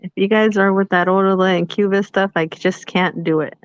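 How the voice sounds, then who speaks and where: A woman co-hosting a casual podcast, blunt and teasing, quick to laugh. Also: medium pitch, fairly even intonation, clean tone, dry recording. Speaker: podcast co-host. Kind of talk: casual chat. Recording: dry, slightly dull lo-fi sound.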